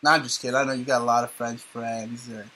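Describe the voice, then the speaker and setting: A man's voice: mid-range voice, level tone, fast talker, pushed and bright, slight background noise, poor audio. A man hosting a talk radio show, sarcastic and rambling in casual banter.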